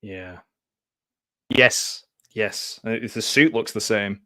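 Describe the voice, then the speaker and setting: Chatty low-voiced man. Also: slow pace, bright, forceful tone, no echo, studio quality. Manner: chatty, laughs often, loose aside-filled talk. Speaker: host. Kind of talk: casual live film commentary. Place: home.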